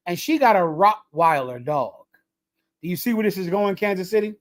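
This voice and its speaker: A man's voice: high voice, lively intonation, normal speed. A man leading a livestreamed religious lesson, preaching emphatically in a lecturing, repetitive cadence. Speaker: religious group leader.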